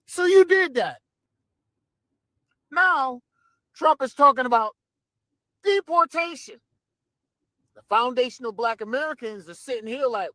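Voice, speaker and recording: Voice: sits high, expressive, a little slow, pauses often, pushed and bright, no echo, clean studio sound. A speaker in a played commentary clip, ranting in a confrontational way.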